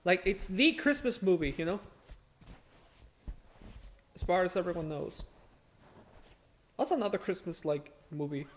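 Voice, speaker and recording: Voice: medium pitch, big pitch swings, unhurried, pauses often. A person chatting casually with friends, hesitant and full of fillers like "um" and "uh". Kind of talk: casual chat over voice call.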